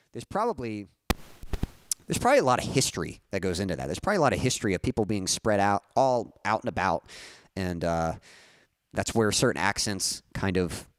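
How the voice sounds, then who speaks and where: A man's voice: low-pitched, no echo, studio quality. A young man chatting casually on his music live stream, rambling and correcting himself with small chuckles.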